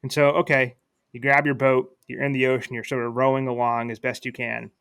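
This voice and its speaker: A man's voice: mid-range voice, flat delivery, fairly quick, vocal fry, fairly bright tone, clean tone, no echo. A man, a podcast guest, talking casually and reflectively while telling a children's story, with fillers and restarts. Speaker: guest, attorney.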